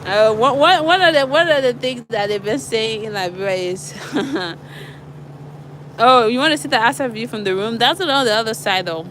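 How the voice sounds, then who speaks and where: Young woman, casual vlog, apartment walkthrough, chatty, laughs often, bright voice, handheld phone. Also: fairly high pitch, expressive, moderate pace, a little hiss or hum. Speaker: vlogger. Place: indoors, walking through an apartment.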